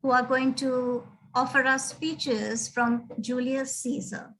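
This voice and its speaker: Woman, host, high voice, slow, deliberate, brisk corrections. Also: level tone, a bit bright, a little hiss or hum. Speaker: book club host. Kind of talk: casual chat and hosting.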